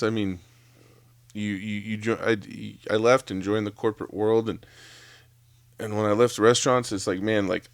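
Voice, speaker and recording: A man's voice: low-pitched, gravelly, no room sound, studio quality. A man ranting casually on a solo podcast, profane and rambling, full of fillers and restarts. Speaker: podcast host; former chef.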